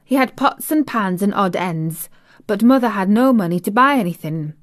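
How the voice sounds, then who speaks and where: A woman's voice: medium pitch, animated, moderate pace, no room sound, clean studio sound, natural voice. A woman voicing a cheerful, chatty young maid with a broad Yorkshire accent. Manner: broad dialect, eager.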